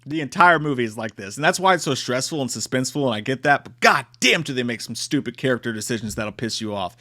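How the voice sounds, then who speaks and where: A man's voice: mid-range voice, expressive, quick pace, hardly any pauses, pushed and bright. A man giving a casual, profane and exclamatory movie review.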